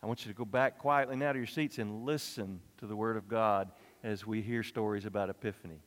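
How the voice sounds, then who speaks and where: A man's voice: on the low side, fairly even intonation, fairly quick. A man who is an interim pastor, giving a playful children's sermon in a church and coaxing the kids with exaggerated enthusiasm. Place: church sanctuary. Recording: long church reverb.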